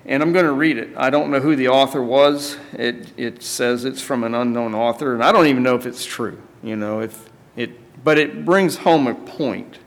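A man preaching a sermon, reading a story aloud in a measured way with emphatic asides. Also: medium pitch, long reverb tail.

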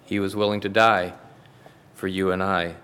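A man's voice: deep voice, little pitch movement, moderate pace, fairly bright tone, clear, resonant tone. A man preaching a sermon, reading a Bible story aloud in an earnest, dramatic way. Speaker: pastor. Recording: long hall reverb.

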